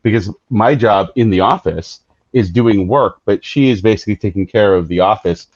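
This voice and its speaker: Low-voiced male host telling a story. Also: moderate pace, darkish tone, no echo. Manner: reflective storytelling, many fillers. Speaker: podcast host. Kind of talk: casual interview chat. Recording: slightly dull, dry sound.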